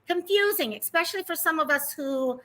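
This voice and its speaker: A woman with a high, bright voice hosts a casual livestream. She talks in a chatty, rambling way and greets each viewer by name. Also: animated, brisk, poor audio. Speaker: livestream host.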